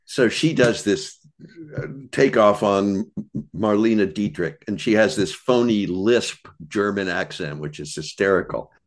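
A man's voice: lowish voice, a little slow. A man talking as a podcast guest in casual conversation, reflective and searching for his words.

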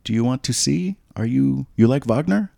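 A man voicing a little old male caretaker who eagerly offers a tour, in a raised, excited voice. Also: normal speed, gravelly, no echo, clean studio sound. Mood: eager, welcoming. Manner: high, excited, chattering.

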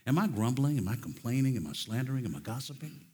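A man's voice: mid-range voice, big pitch swings, fast, a little mellow, slightly rough. Emphatic preaching man, rising and falling. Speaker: conference speaker. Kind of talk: sermon. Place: conference stage.

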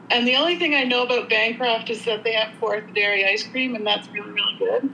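Bright-voiced Canadian woman. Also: on the high side, steady tone, normal speed, a little hiss or hum, low-quality recording. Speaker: podcast co-host. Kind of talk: casual chat.

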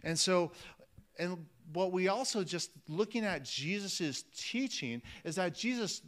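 A man's voice: high voice, expressive, measured pace, fairly bright tone. A man preaching a sermon, emphatic and repeating phrases for weight, calling his listeners friends.

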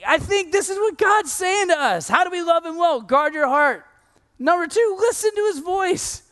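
A man in his thirties preaching a sermon in a conversational, animated way, telling stories and acting out quotes. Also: extremely high pitch, moderate pace. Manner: conversational, animated storytelling with laughs and acted quotes. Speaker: pastor.

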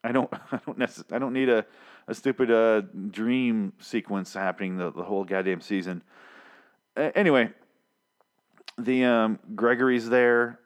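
A man's voice: medium pitch, moderate pace, clear, resonant tone. A man hosting a podcast, giving a rambling, sarcastic recap of a TV episode with lots of swearing. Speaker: podcast host reviewing a TV episode. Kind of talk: casual spoken recap.

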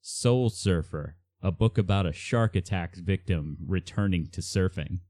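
Very deep-voiced male podcast host. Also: unhurried, dark tone, dry recording. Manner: hesitant, many uhs, reads out quiz items. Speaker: podcast co-host running a quiz. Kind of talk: casual chat.

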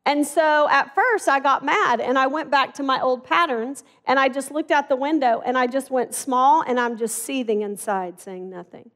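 Middle-aged woman preacher, high-pitched, chatty storytelling sermon. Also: normal speed, hardly any pauses. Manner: conversational, animated storytelling with acted-out dialogue.

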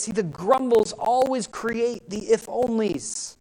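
A woman pastor preaching a sermon, rising in pitch and volume for emphasis and asking the congregation questions. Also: expressive, moderate pace, darkish tone, poor audio. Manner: speaks directly to the congregation with questions.

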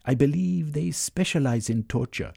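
A man voicing a cold, scheming male villain who bargains with menace, in a husky voice. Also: a little high, moderate pace, warm tone, pitched above the performer's own voice, full character voice.

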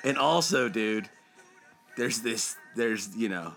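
A young man co-hosting a casual podcast chat, animated and swearing freely as he acts out movie scenes. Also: fairly low pitch, takes it slowly, creaky, faint music behind. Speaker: podcast co-host.

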